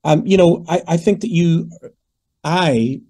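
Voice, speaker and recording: A Northern Irish man in his fifties, a singer answering interview questions in a lively, storytelling way and acting out the voices of people he quotes. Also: a little high, takes it slowly. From Northern Ireland. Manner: animated, digressive, acts out quoted voices. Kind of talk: conversational storytelling.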